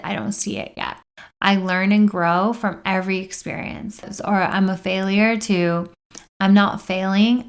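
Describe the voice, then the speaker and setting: A woman with a somewhat low voice hosts a self-help podcast. She talks in a casual, earnest coaching tone. She reads example affirmations aloud as she goes. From United States. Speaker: podcast host.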